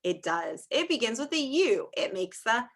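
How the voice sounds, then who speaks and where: Bright sing-song preschool teacher woman. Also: fairly high pitch, very animated. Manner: sing-song, drawn-out teacher talk for young children. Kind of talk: online small-group phonics lesson. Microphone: screen-share video call.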